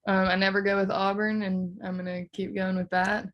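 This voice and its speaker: A young woman gives her picks in a casual chat, her voice medium in pitch. She speaks briefly and hesitantly, often opening with a filler. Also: level tone, brisk, muffled recording. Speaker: guest picker.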